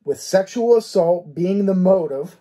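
Husky-voiced man analyzing a cold case. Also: high voice, animated, measured pace, dark tone. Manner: reasons step by step with rhetorical questions and repeated "okay?".

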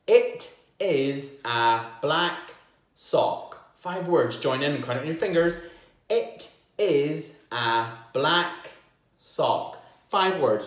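A man teaching a children's phonics lesson, sounding out words slowly and cheering the children on. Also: medium pitch. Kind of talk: home-learning phonics lesson. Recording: very echoey room.

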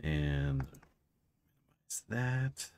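A woman's voice: extremely low pitch, sing-song, drawn-out words, a little mellow. A woman hosting a game livestream, chatting casually and narrating what she clicks. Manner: laid-back, narrating game menus. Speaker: streamer host.

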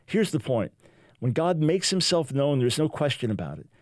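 A man's voice: a little high, sing-song, normal speed, darkish tone, no echo, clean studio sound. Fervent older man hosting a talk show. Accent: American. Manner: fervent, reads testimony aloud with emphasis. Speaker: radio show host. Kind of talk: preaching talk show monologue.

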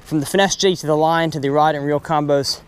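A young man hosting a fishing vlog from a boat on a river, excitable, whooping and laughing. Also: a little high, quick pace, clear, resonant tone. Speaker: fishing channel host.

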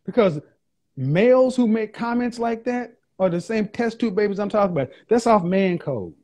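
High-voiced man mocking chat comments. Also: expressive, moderate pace, darkish tone. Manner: mocking, sarcastic, repeats his punchlines; reads viewer comments aloud and reacts. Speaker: livestream host. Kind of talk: casual livestream commentary.

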